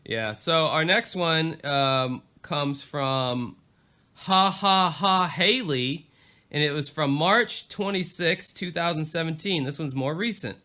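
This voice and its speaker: A man's voice: fairly high pitch, a little slow, few pauses, bright, forceful tone. A young man co-hosting a podcast, reading reviews aloud in a loose, self-deprecating way and swearing freely. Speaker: podcast co-host.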